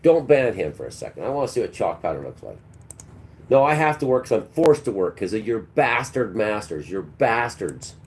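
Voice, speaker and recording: Man, low mellow voice, preachy livestream rant, snaps at chat. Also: big pitch swings, normal speed. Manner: preachy and combative, talks back to chat. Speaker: livestream host. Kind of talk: ranting livestream monologue.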